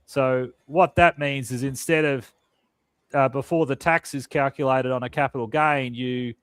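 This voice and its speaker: A man's voice: mid-range voice, fairly even intonation, moderate pace, clear, resonant tone, dry recording. A man co-hosting a policy podcast, talking through tax details hesitantly, with frequent restarts and repeated words. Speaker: podcast co-host. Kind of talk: casual policy discussion podcast.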